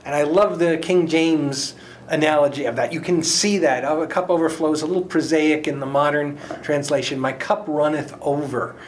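A man's voice: a little high, fairly even intonation, moderate pace, slight background noise. A man on a Bible study panel, speaking earnestly and emphatically as he quotes scripture. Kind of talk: casual Bible discussion.

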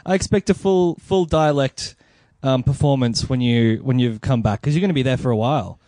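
A man's voice: medium pitch, a little fast, dark tone, no room sound, clean studio sound. A young man hosting a casual podcast, joking and self-deprecating. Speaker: podcast host.

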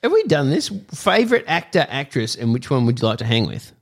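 A man's voice: mid-range voice, sing-song. A man co-hosting a podcast, bantering casually and teasing his co-host on a headset mic. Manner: teasing, playful, quick to laugh.

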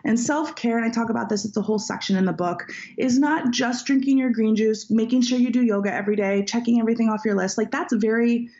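A woman's voice: fairly high pitch, fast talker, hardly any pauses, warm tone. A woman author telling a personal story in an interview, reflective and heartfelt. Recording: dull lo-fi audio.

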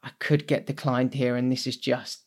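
A man's voice: medium pitch, flat delivery, moderate pace. A young man co-hosting a podcast, telling anecdotes in casual chat and laughing often. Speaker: podcast co-host.

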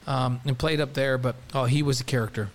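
A man in his sixties co-hosts a casual sports talk show and talks into a headset mic. He is a lively storyteller with a mid-range voice. He breaks into bits of song and chats easily with his partner. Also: medium pitch, a little fast. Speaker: co-host.

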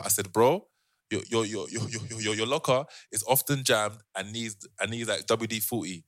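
London co-host, fast and animated, low-pitched, dry close mic. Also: male voice, dry recording. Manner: animated, mimics others. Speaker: podcast co-host. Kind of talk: casual storytelling.

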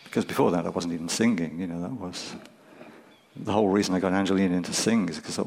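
An older man from England, a folk musician, telling stories in a relaxed, reflective way with many fillers. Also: low-pitched, creaky, slightly rough, rough recording. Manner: unhurried, thoughtful, with frequent fillers. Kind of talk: reflective conversational storytelling.

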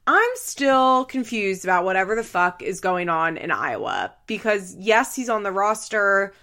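Young female podcast host, animated and chatty, mid-range pitch. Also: a little slow. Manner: animated, laughs often, mimics people in quotes. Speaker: podcast host recapping a reality show. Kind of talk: casual recap chat.

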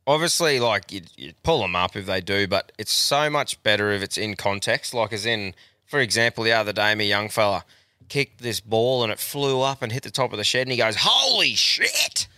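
A man's voice: fairly low pitch, normal speed, bright, forceful tone, clean tone, dry recording, clean studio sound. A man hosting a casual podcast, laid-back, laughing often and swearing freely. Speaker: podcast host. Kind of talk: casual chat.

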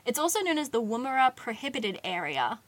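A woman's voice: fairly high pitch, sing-song, fairly quick, no echo. A young woman, casually telling a true-crime story on a podcast, chatty with lots of "like"s and giggly asides. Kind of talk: casual chat.

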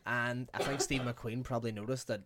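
A man's voice: mid-range voice, fairly even intonation, fairly quick, background noise. A man, casually chatting about films as a podcast co-host, rambling and swearing. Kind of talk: casual film chat.

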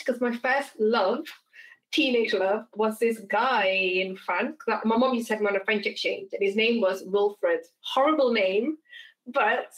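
Woman, podcast host, casual chat, animated storyteller, slightly high pitch. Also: moderate pace, low-quality recording. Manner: animated storyteller, laughs often.

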